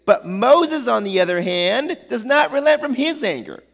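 A male pastor preaching a sermon, telling the story in a lively, playful way with slangy asides. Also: very high-pitched, normal speed, creaky, in a large hall.

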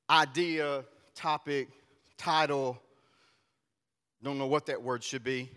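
A man's voice: a little high, pushed and bright. A man preaching a sermon in a church, talking conversationally and animatedly to his congregation. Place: church sanctuary. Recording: long reverb of a large hall.

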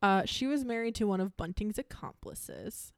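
A woman's voice: medium pitch, lively intonation, normal speed, no room sound, clean studio sound. A young woman hosting a podcast, going through case notes in casual chat with a jokey, self-mocking manner. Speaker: podcast host presenting a case.

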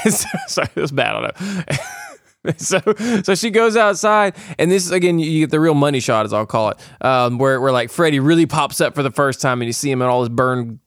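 Podcast dude gabbing about a movie, voice kinda higher, laughs a lot, dry room sound. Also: male voice, fairly bright tone, no room sound. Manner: laughs often, rambling with many fillers. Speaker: podcast co-host. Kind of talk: casual chat.

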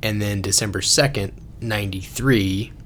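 A man's voice: on the low side, normal speed, fairly bright tone, slight background noise. A man hosting a casual podcast, reading facts from notes and joking with friends. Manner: joking, laughs often, reads facts from notes. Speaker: podcast host. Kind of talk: casual chat.

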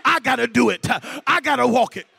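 A man preaching a sermon, shouting in a sing-song cadence with "uh" breaths between phrases. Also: very high voice, expressive, fairly quick, creaky, breathy edge, no room sound.

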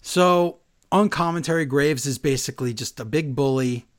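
A man co-hosting a casual wrestling recap, sarcastic and animated, laughing often as he talks. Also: fairly high pitch, normal speed. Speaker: podcast co-host.

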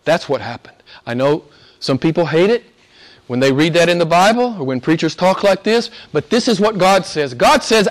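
A male preacher with a high-pitched voice delivers a sermon. He repeats phrases and asks rhetorical questions. He swings from loud, emphatic peaks down to hushed asides that are almost whispered. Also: animated, normal speed.

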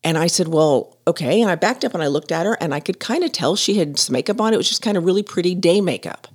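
Lively, laughing woman storyteller. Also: on the low side, quick pace, breathy edge. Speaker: podcast host. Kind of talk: casual storytelling.

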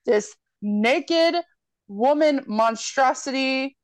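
Casting: young woman, podcast co-host, lively storyteller who swears freely, dry close sound. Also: sits high, very slow, no echo. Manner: animated storyteller, swears freely, acts out lines. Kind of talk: casual chat, retelling a horror movie.

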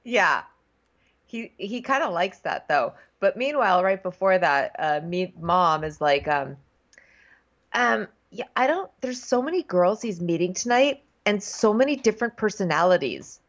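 A woman co-hosting a casual chat that recaps a TV show, with deadpan, dry humor. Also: on the low side, unhurried. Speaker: podcast co-host. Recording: dull lo-fi sound.

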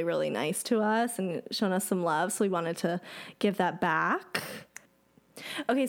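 A woman co-hosting a paranormal podcast, chatting casually with many "like"s and "um"s, then reading a listener's story aloud. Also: on the low side. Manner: chatty, laughs often, says "like" and "um". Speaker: podcast co-host.

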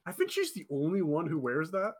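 A man's voice: a little high, wildly swooping pitch, fairly quick, a little mellow. A man co-hosting a podcast, chatting casually and laughing along with the others. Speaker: podcast co-host. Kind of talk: casual comedic chat.

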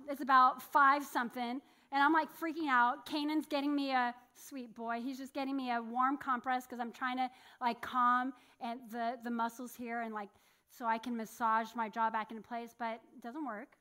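Bright high-voiced woman preaching. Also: moderate pace. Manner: animated storytelling, acting out a locked jaw. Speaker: pastor. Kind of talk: sermon. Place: church sanctuary.

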